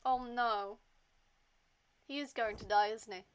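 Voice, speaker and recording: A woman's voice: a little high, measured pace, smooth. A woman streamer reacting emotionally and casually to a story game she plays. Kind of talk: casual gaming commentary.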